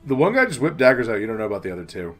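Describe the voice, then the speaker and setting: A man's voice: mid-range voice, very animated, racing, a bit bright, faint music behind. A man narrating as game master in a casual, often laughing tabletop session.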